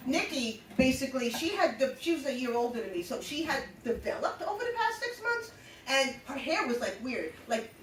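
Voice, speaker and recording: Middle-aged New woman, high and animated, live storyteller heard from a distance in an echoey room. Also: a little fast, slight background noise. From New York. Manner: animated, laughing often, blunt and salty. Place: live show venue. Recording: roomy echo, mic at a distance.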